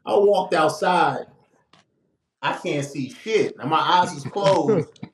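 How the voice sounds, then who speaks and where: A man, casually telling a long funny story on a podcast, acting out the people he quotes. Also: slow pace. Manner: lively, acts out quoted voices with big pitch jumps. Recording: echoey room with faint noise.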